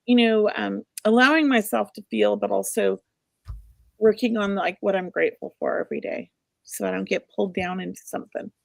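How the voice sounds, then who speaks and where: A woman's voice: medium pitch, steady tone, brisk, vocal fry, no echo, clean studio sound. A middle-aged woman co-hosting a show, giving casual spirit readings in an emotional, rambling way. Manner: emotional, warm-hearted, rambling. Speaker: psychic medium co-host.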